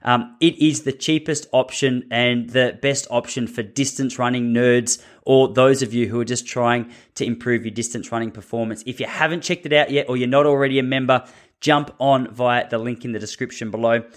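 A man hosts a running podcast in a mid-pitched voice. He talks in an upbeat, chatty way, slipping in jokes as he goes. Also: steady tone, moderate pace. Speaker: podcast host. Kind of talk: casual podcast chat.

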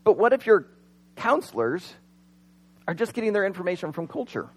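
A man preaching a sermon in a conversational way, with humorous asides and dramatic pauses. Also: sits high, darkish tone, poor audio. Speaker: pastor.

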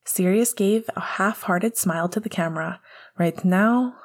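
A woman narrating an audiobook chapter in a calm, even storytelling manner. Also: mid-range voice, normal speed. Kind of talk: audiobook narration of fan fiction.

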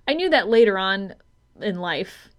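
A young woman co-hosting a casual movie podcast, laid-back and deadpan, laughing often. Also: medium pitch, measured pace, crowd noise. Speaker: podcast co-host.

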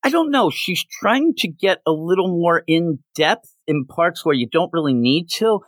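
A podcast co-host chats casually about comic books, his voice fairly high and his pace normal. He's animated, acting out the characters' lines as he quotes them. The recording has no room sound.

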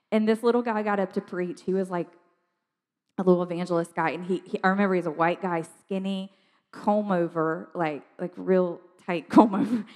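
Woman, conversational testimony speaker, animated, recorded with long room reverb. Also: medium pitch. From South Georgia, USA. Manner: chatty, animated storytelling with frequent "like" and laughs. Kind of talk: personal testimony talk.

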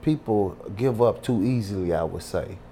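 A man's voice: fairly low pitch, moderate pace, dark tone, a little hiss or hum. A man from Louisiana telling his life story in an interview with emphatic, preacherly, streetwise delivery. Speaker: guest.

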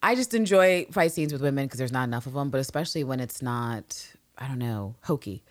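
A woman with a notably low voice co-hosts a casual podcast, swinging her pitch widely as she jokes and rants. She swears freely and laughs often, and her voice sounds close and dry, with no room sound. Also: animated, a little fast, no room sound. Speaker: podcast co-host. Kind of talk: casual chat recapping a TV episode.

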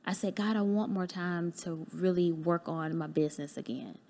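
A woman's voice: lowish voice, normal speed, a little mellow. A woman guest on a podcast candidly recounting a personal experience, acting out remembered conversations in a heartfelt, earnest way. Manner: candid, acts out remembered dialogue. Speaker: podcast guest, business owner. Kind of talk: personal storytelling in a podcast interview.

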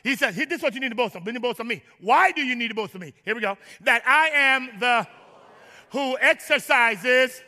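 A man preaching a sermon to his church, joking with the congregation and rising to shouts. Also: very high voice, animated, rapid-fire, hardly any pauses, long reverb tail. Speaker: pastor. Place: large church.

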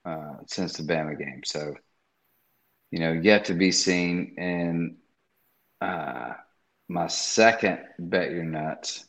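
A man co-hosting a podcast, giving his betting picks slowly and hesitantly, with frequent restarts. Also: low voice, fairly bright tone. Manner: slow, hesitant, restarts often. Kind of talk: casual sports-betting chat.

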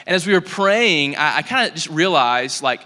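A young man tells stories from the stage of a church in a loose, chatty way, with plenty of likes and ums. His voice is bright and forward, and a long hall reverb trails after each phrase. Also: fairly high pitch, moderate pace. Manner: casual, animated, full of likes and ums. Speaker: church speaker. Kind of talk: storytelling sermon talk.

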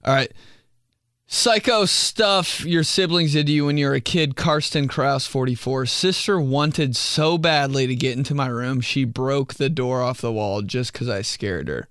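A young man hosts a casual podcast on his own, with a smooth, resonant voice sitting at a middle pitch. He talks loose and slangy, jokes, and laughs easily. The sound is close and dry. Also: a bit bright, dry recording. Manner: loose and joking, slangy, quick laughs, acts out quotes. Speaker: podcast host. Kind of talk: casual solo podcast talk.

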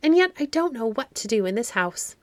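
A woman's voice: on the high side, big pitch swings, brisk, no echo, voice pushed up. A woman reading a storybook aloud, voicing a bored, spoiled little girl who speaks petulantly. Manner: petulant, then softly whispering. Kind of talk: audiobook reading.

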